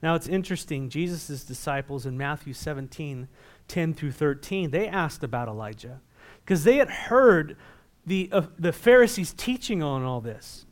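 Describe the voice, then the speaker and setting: Pastor, male, slightly high voice, sermon delivery that swells to emphatic on readings. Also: lively intonation, normal speed. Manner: asks the congregation questions, rises loud when reading scripture.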